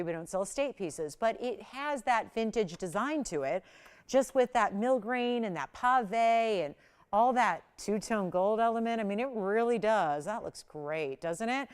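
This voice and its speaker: A woman hosting a live jewelry shopping show, chatting and selling with upbeat patter and bursts of excitement. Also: medium pitch, clear, resonant tone. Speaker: shopping channel jewelry host. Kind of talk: live home shopping presentation.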